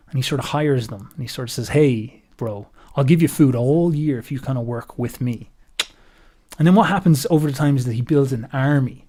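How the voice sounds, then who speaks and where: A man giving a casual philosophical monologue, telling a story in a rambling, animated way and swearing freely. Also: fairly high pitch. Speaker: philosophy commentator.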